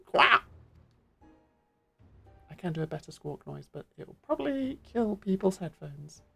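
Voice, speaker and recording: A woman's voice: lowish voice, sing-song, a little fast, creaky, dark tone, slightly rough, faint music behind. A woman streaming a game, chatting casually and self-deprecatingly on a studio mic with a pop guard at home.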